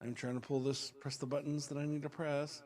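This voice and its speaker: A man's voice: on the high side, level tone, a little fast, darkish tone. A man hosting a casual podcast, rambling loosely through stories with lots of fillers and restarts. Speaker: podcast host and rapper.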